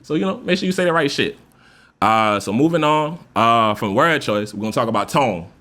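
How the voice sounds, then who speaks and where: Fast-talking man with a loose, profane delivery. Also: mid-range voice. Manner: loose, profane, animated speaker who acts out example voices. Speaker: podcast host. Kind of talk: casual monologue.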